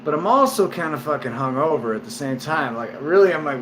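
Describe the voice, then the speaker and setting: A man a little drunk, talking to camera at home in a loose, meandering way. His voice sits somewhat high for a man, and he swears constantly as he tells a story. A faint hum of air conditioning runs underneath. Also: expressive, brisk. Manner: rambling and heavily profane, lots of fillers. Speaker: vlogger. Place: at home, indoors.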